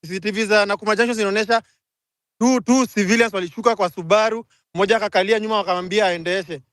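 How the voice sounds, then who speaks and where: A young Kenyan man ranting angrily in a live audio chat, switching fast between languages. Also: high voice, steady tone, fairly bright tone, no room sound. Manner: angry, rapid code-switching rant. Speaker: speaker in a live audio room.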